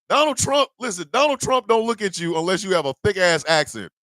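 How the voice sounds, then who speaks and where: A man hosting a radio morning show, telling a profane comedic rant in a loud, animated way. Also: high voice, brisk, few pauses, no echo. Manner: loud, animated, profane storytelling with mock voices.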